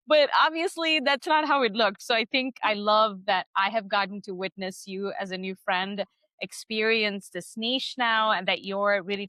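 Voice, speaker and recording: A woman hosts a podcast interview with a bright, forceful tone. She talks earnestly and effusively, often restarting sentences and breaking into laughter. The sound is close and dry. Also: medium pitch, no echo. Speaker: podcast host.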